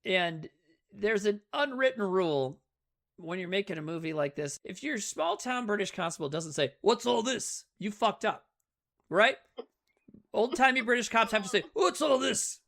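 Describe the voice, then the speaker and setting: Her mid-range voice moves at a moderate pace as she co-hosts a podcast. The chat is casual and profane, an animated recap of a movie packed with performed quotes.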